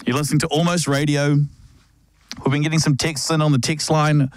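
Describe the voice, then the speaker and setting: A man's voice: on the high side, little pitch movement, fairly quick, no echo. A man in his thirties with a Southland New Zealand accent, hosting a radio show and chatting with guests in a friendly way, with fillers and restarts. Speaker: radio host. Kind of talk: radio show presenting and interviewing.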